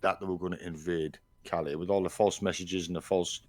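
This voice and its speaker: A man with a low voice chats on a podcast about military history. He talks earnestly and often repeats words as he searches for them. The mic sound is dry and close. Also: fairly even intonation, fairly quick, no room sound. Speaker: podcast co-host. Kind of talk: casual chat.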